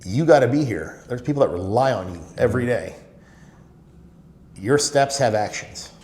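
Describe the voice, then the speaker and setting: Deep gravelly guy telling stories on a podcast, hits short phrases over and over, echoey room. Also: expressive, normal speed, darkish tone, a little hiss or hum. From Middle East. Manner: emphatic, repeats short phrases. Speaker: guest, real estate owner. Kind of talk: casual interview storytelling. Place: podcast studio. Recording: roomy studio echo.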